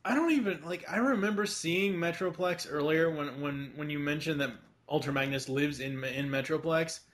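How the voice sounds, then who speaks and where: A man's voice: a little high, moderate pace, fairly bright tone. A man co-hosting a podcast, chatting casually about a cartoon, rambling with lots of fillers, restarts and the odd swear. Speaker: podcast co-host. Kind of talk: casual chat.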